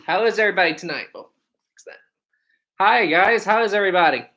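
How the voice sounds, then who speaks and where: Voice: mid-range voice, quick pace, pushed and bright. An upbeat American livestream host chatting casually and greeting viewers one by one while reading comments aloud on a home setup. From United States.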